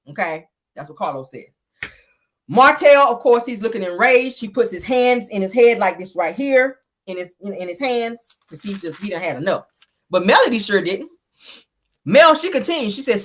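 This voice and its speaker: A woman's voice: medium pitch, animated, normal speed, a bit bright. A woman hosting a casual reality TV recap, talking chatty and emphatic, with frequent asides to her viewers.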